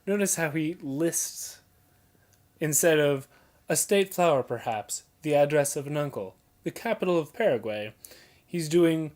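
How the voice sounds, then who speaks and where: Give me a young adult poetry teacher talking slowly, pointing out pauses and emphasis in a casual lesson. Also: mid-range voice, animated, darkish tone. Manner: points out details, emphasizes and repeats examples. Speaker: teacher explaining poetry reading.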